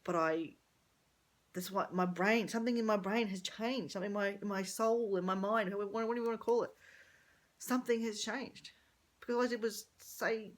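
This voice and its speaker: Speaking a little fast at a medium pitch, a middle-aged woman vlogger talks openly in a meandering personal video. She works through her thoughts aloud, revising herself as she goes.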